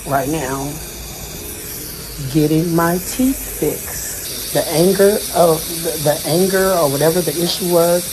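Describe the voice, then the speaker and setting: Man on a noisy phone livestream. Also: fairly high pitch. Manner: earnest and defensive, rambling with repetitions. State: emotional. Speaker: social media personality speaking on a livestream. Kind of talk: emotional livestream monologue. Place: dentist's office.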